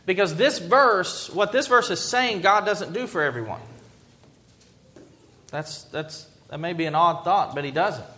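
A male pastor delivering a sermon in a slightly raised voice. He preaches earnestly and reflectively, letting his pauses carry each point. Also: sits high, sharp tone.

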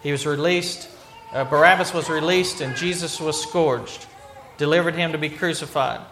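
A man's voice: fairly high pitch, normal speed, noisy background. A man preaching a sermon, retelling a scripture story earnestly, with frequent restarts. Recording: echoey room.

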